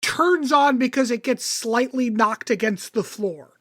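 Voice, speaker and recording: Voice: mid-range voice, measured pace, fairly bright tone, dry recording, clean studio sound. A podcast co-host in casual chat, sarcastic and swearing freely. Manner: sarcastic, profane.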